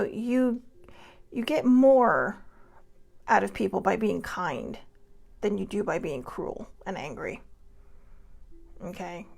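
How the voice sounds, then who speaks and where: Middle-aged woman host, gravelly voice, earnest rambling pep talk, laughs at herself. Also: mid-range voice. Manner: earnest, rambling, self-deprecating. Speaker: host of a self-help talk show. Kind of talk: casual motivational monologue.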